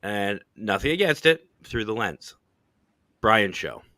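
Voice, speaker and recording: A man hosting a podcast, telling stories in a relaxed, joking way, swearing freely and laughing often. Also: fairly low pitch, takes it slowly, no room sound. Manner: laid-back, swearing, laughing storyteller. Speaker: podcast host. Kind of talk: casual chat.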